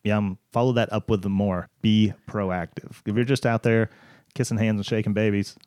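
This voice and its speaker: Podcast cohost guy, kinda low voice, quick and loose, lots of "like", dry close sound. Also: level tone, a little mellow, no room sound. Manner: loose, hedging, lots of fillers like "like". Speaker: podcast co-host. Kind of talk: casual podcast chat.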